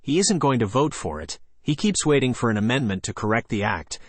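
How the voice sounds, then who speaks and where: A man's voice: medium pitch, big pitch swings, brisk, no echo. A man voicing a worried, protective mother in an audiobook, anxious and insistent.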